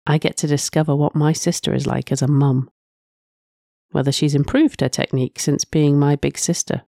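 Mellow woman narrating a story. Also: deep voice, steady tone, moderate pace, creaky, no echo, clean studio sound. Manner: soft, reflective, with frequent sighs. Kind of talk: first-person story narration.

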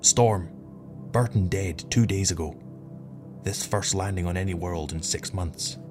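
A man's voice: deep voice, unhurried, a little mellow. A man voicing a dying, badly burned spaceman who whispers in broken, short phrases, with faint music behind. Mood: faint, failing.

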